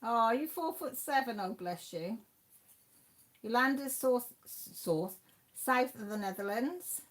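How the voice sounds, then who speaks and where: A woman's voice: on the high side, a little slow. A Welsh woman in her fifties hosting a casual livestream chat, reading out viewers' comments and laughing often. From Wales. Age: 50s. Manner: chatty, laughs often, reads out names from the chat. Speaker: livestream host.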